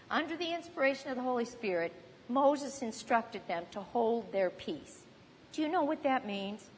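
A woman's voice: on the high side, animated, normal speed, slight background noise. A woman preaching a sermon in a conversational teaching manner, now and then acting out panicked voices. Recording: long hall reverb.

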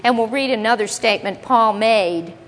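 A woman's voice: a little high, moderate pace, long reverb tail, slight background noise. A woman teaching the Bible to a congregation, emphatic and explaining word by word, often asking the audience questions.

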